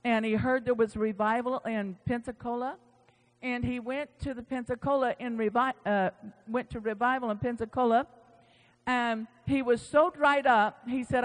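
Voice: mid-range voice, fairly even intonation, moderate pace. A preacher giving a sermon in a church, animatedly retelling stories with quoted dialogue. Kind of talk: sermon storytelling. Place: church sanctuary. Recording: long church-hall reverb.

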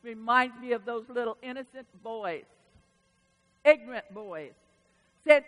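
A woman pastor preaching a sermon in a church, animated and calling out to the congregation. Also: on the high side, measured pace, long pauses, in a large hall, faint music behind. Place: church sanctuary.

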